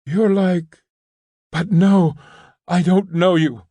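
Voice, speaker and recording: A man's voice: medium pitch, fairly even intonation, unhurried, warm tone, no echo, natural voice. A man voicing a wary, defiant young woman prisoner, calling out in a guarded way.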